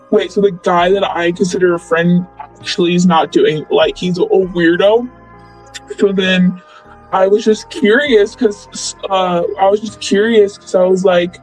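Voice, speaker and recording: A man's voice: high voice, darkish tone, rough recording. A young man in casual storytelling, rambling and filling his talk with "like" and "blah, blah.". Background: faint background music.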